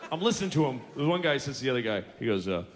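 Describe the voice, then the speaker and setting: Ranting stand-up comedian, big swings. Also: male voice, medium pitch, lively intonation, racing. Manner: profane, ranting, mocking impressions of dull speakers. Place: large theater stage with live audience. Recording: live concert recording with audience laughter.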